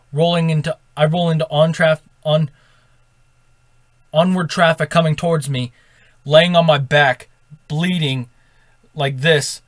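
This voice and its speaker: A man with a fairly high voice tells a casual story to his audience. He rambles and corrects himself, dropping "right?" after his points. The sound is dry and close. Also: no echo. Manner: rambling, with self-corrections and "right?" tag questions. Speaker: storytime vlogger.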